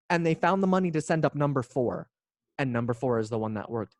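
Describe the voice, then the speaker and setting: A man's voice: medium pitch, animated, fairly quick, darkish tone, dry recording, clean studio sound. A man, a coach and guest, talking in a casual interview with emphatic, punchy storytelling.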